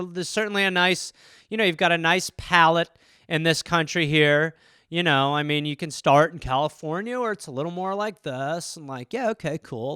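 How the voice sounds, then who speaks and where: High bright-voiced man riffing casually. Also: clear, resonant tone, dry recording, studio quality. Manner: loose, profane, rambling with fillers. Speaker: comedian podcast host.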